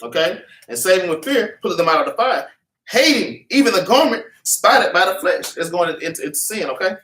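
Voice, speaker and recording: The voice is high-pitched and sing-song, brisk and a bit bright: a man teaching a Bible class to a congregation in a meeting room. He preaches with fervent, repetitive street talk and has scripture read back to him, recorded in an echoey room from afar.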